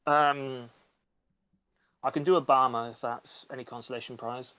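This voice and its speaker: A man with a British accent, a guest chatting casually over a call, stammering and halting. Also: medium pitch, steady tone, sharp tone, smooth, no echo. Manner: halting, stammers when unsure. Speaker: guest impressionist. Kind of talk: casual chat. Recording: dull call audio.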